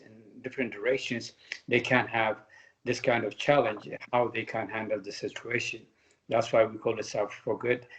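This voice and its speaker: A former Olympic boxer and coach, appearing as a guest in a casual interview, speaks halting non-native English with an Ethiopian accent and slow, stretched phrases. His voice is fairly low, and the lo-fi audio is muffled.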